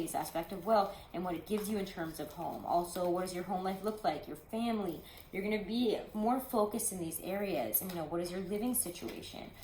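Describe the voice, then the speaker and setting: Woman tarot reader, low-pitched, chatty and rambling, echoey room. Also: darkish tone, a little hiss or hum. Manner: chatty, rambling, many "like"s and asides. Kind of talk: casual tarot reading to camera.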